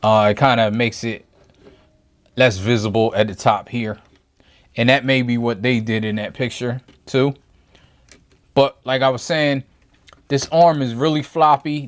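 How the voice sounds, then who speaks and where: A man giving a casual toy review from his home review table, rambling and thinking aloud with frequent self-corrections. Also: medium pitch.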